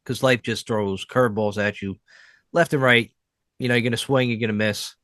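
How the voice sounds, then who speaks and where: A man co-hosting a podcast, chatting casually with many fillers and animated asides. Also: mid-range voice, normal speed, no echo. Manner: rambling, lots of fillers, animated storytelling. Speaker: podcast co-host. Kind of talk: casual chat.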